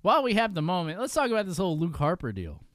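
A man's voice: sits high, wildly swooping pitch, racing, a bit bright, no echo, clean studio sound. A man hosting a casual podcast chat, loose and profane, laughing often and restarting his sentences. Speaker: podcast host.

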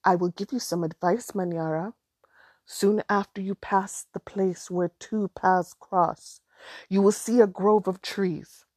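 A woman voicing a mysterious old woman who calmly gives advice in a storybook. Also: mid-range voice, unhurried, no echo, clean studio sound, lightly acted. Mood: grave.

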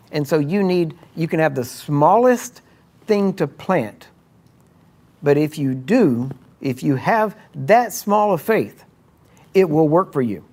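A man's voice: fairly high pitch, a little mellow. A man pastor preaching a sermon emphatically, often checking in with his listeners. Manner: emphatic, checks in with frequent questions.

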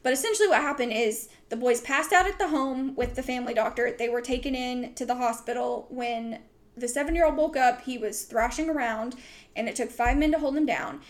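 A woman's voice: on the high side, brisk. A young adult woman hosting a podcast, telling a story in a casual, rambling way with many "like"s and "um"s. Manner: rambling, full of "like" and "um". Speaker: podcast host.

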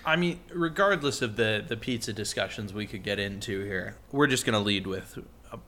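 A man's voice: lowish voice, normal speed, slight background noise. A man co-hosting a podcast, chatting casually and playfully with his friend, joking around. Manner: playful, jokey, bursts into mock shouting. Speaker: podcast co-host.

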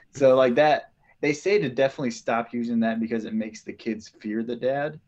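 A man co-hosting a casual podcast, speaking in a measured, reflective way and thinking aloud. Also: medium pitch, lively intonation, darkish tone. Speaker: podcast co-host.

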